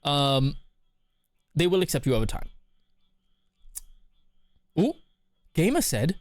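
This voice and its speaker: A man's voice: a little high, lively intonation, normal speed, pauses often, dry recording. Chatty male streamer, dry mic. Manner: reads viewer messages aloud and answers them; loose, chatty, repeats himself. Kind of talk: casual live-stream chat.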